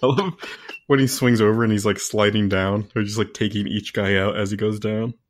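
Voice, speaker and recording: Laughing, lower-voiced man. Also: steady tone, fairly quick. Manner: enthusiastic, laughs often. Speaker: podcast co-host. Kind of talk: casual chat.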